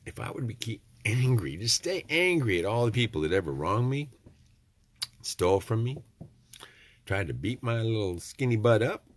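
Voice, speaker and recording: A man's voice: fairly low pitch, big pitch swings, moderate pace. A middle-aged man, rambling in a folksy, preachy vlog monologue with joking asides. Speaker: vlogger.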